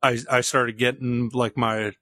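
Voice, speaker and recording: A man's voice: medium pitch, level tone, a little slow, fairly bright tone, no room sound. A man from California telling wry, laughing anecdotes in a casual podcast chat. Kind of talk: casual storytelling.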